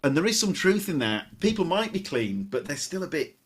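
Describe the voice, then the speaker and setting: A man's voice: fairly high pitch, brisk, slightly rough. A middle-aged man hosting a comedy podcast, chatting casually with frequent restarts. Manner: chatty, lively, with hesitant restarts. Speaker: podcast host.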